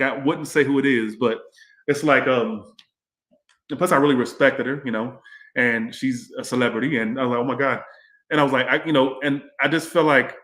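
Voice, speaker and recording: Casual male tarot livestreamer, mid-pitched, rambling and profane, echoey room. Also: a bit bright. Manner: rambling, chatty, swears freely. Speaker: tarot reader and livestream host.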